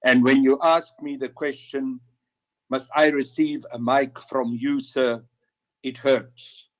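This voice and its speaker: Guy hosting a political audio chat, earnest, speaks slow and careful. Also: mid-range voice, steady tone, poor audio. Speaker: host.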